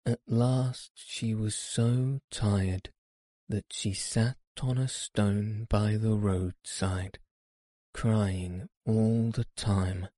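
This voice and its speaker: A man reading a children's story aloud in a gentle, measured way. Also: on the low side, steady tone, dry recording, studio quality.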